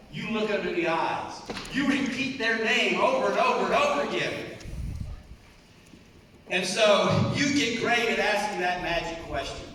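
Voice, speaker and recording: A man giving an energetic motivational speech at a convention, talking emphatically and repeating his key points. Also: fairly high pitch, a little hiss or hum. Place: large convention hall. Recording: echoey hall, voice from far off.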